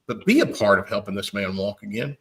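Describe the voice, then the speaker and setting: A man's voice: lowish voice, big pitch swings, a little fast. A man hosting a podcast, making a fervent, emotional appeal while close to tears, often stumbling over repeated words. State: tearful. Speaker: podcast host. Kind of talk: impassioned appeal, preacher-like.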